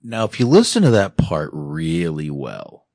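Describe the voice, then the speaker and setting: A man hosting a film podcast in an animated, casual way, laughing and swearing as he talks. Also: rumbling low, measured pace, a little hiss or hum. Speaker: podcast host reviewing a film. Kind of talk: casual chat.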